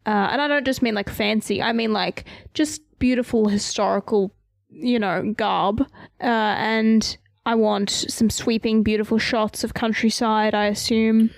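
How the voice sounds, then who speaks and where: A woman's voice: a little high, fairly even intonation, a little slow, creaky, no room sound, studio quality. A woman co-hosting a podcast from Australia, chatting casually about movies with lots of fillers. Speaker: podcast co-host. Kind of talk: casual chat.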